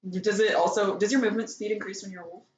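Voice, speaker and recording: A woman playing in a casual tabletop game, chatty and excitable as she asks about magic items. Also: mid-range voice, fast, roomy sound, poor audio. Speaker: player.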